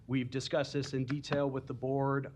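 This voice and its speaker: A man's voice: mid-range voice, level tone, normal speed, darkish tone. A man from the planning department briefing a board at a public meeting, explaining steps with frequent ums. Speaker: planning department staff member. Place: council chamber.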